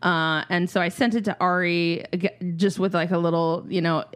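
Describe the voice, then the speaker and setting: A woman's voice: lowish voice, moderate pace, clean tone. A woman in her thirties telling a family story in casual podcast chat, swearing freely and acting out what people said. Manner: animated, swears freely, acts out quotes.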